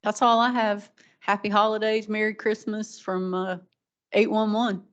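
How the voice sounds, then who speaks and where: A woman chairs a community meeting in a flat, even voice, pausing on ums as she works through practical reminders. The recording is dull and lo-fi. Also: medium pitch. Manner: practical, with frequent ums and restarts. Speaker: meeting organizer. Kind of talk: running a public meeting.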